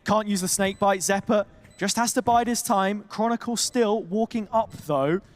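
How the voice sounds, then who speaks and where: A man doing fast play-by-play commentary on an esports match, his voice climbing on big plays. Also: sits high. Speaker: esports caster.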